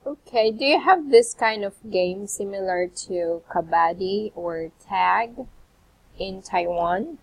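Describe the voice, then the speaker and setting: Slow, husky woman tutor. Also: medium pitch, poor audio. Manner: patient, prompting with questions and soft acknowledgements. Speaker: English tutor. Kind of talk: online English conversation lesson.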